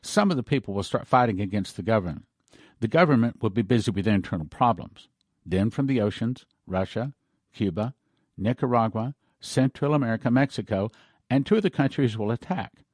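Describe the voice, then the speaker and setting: A man voicing a stern male angel who gives grave warnings in a slow, commanding way. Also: lowish voice, expressive, a little mellow, no echo, studio quality.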